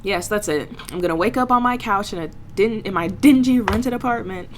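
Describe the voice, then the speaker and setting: A woman's voice: mid-range voice, brisk, a little hiss or hum. A woman reading a visual novel aloud, voicing the heroine's thoughts and adding wry, self-mocking asides. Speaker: game streamer.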